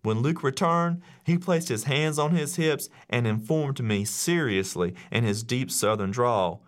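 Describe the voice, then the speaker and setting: A man who teaches, telling a story to an audience in an animated way and acting out the voices of the people in it. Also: medium pitch, a little slow, hardly any pauses. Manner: animated, acts out quoted voices. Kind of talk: storytelling speech.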